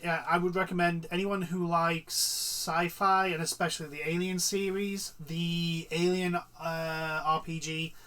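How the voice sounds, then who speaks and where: A man co-hosting a casual chat podcast in a high voice. His tone is bright and sharp. He speaks emphatically, leaning on key words. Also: level tone, unhurried, hardly any pauses, clear, resonant tone. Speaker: podcast co-host.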